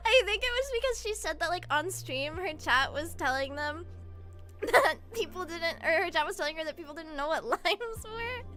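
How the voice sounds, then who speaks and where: A young adult woman streamer chatting casually with her chat, gushing and giggling often, swinging from soft mumbles to shrieks. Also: very high voice. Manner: gushing, giggly, frequent laughter.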